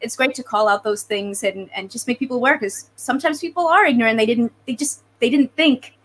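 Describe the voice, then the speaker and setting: Higher-voiced woman hosting a casual discussion. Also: brisk, fairly bright tone. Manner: conversational, thoughtful, frequent fillers. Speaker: host.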